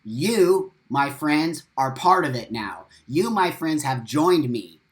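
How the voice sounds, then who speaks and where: A man hosting a live-stream monologue, swearing often and repeating phrases for emphasis in a defiant, forceful rant. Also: on the high side, expressive, slow. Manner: profane, emphatic ranting. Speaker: host.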